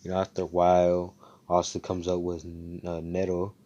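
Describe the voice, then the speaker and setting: A man with a very low voice tells a fan story in a loose, rambling way. He leans on fillers and swears freely as he goes. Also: completely flat delivery, normal speed, dark tone, muffled recording. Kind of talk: casual fan-story narration.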